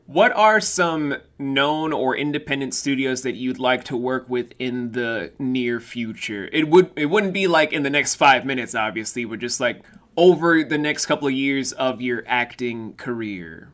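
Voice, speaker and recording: A man's voice: mid-range voice, a little slow, a bit bright. A man hosting a casual online interview, chatty and joking, with frequent asides. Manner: joking, chatty, slips into comic voices. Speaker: interview host.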